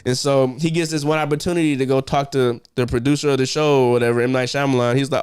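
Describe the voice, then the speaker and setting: Animated man retelling a movie, smooth voice. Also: medium pitch, no echo, studio quality. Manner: animated storyteller, acts out characters in quick shifts of voice. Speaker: podcast co-host. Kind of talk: casual movie review chat.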